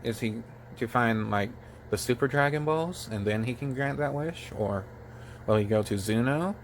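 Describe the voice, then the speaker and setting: A man hosting his own channel, reviewing a comic chapter in a halting, casual way, full of fillers and restarts. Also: medium pitch, slight background noise. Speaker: channel host. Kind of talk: casual manga review talk.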